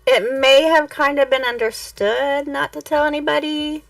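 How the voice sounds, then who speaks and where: A woman's voice: high-pitched, steady tone, moderate pace, vocal fry, a bit bright, no room sound, far from the mic, soft background music. A woman chatting playfully on a voice call, giggling often. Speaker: guest on a call. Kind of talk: casual chat on a voice call.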